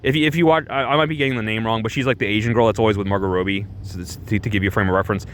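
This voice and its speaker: A man's voice: lowish voice, steady tone, racing, slight background noise. A man giving a casual, rambling movie review, full of restarts and fillers, who swears freely.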